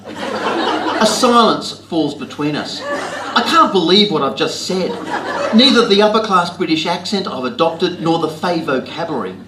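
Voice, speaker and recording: An Australian man reading his own comic writing aloud to an audience with a wry, deadpan, self-mocking delivery, in a library talk venue. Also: fairly high pitch, background noise. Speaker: author reading his work. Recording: roomy hall with faint ambience.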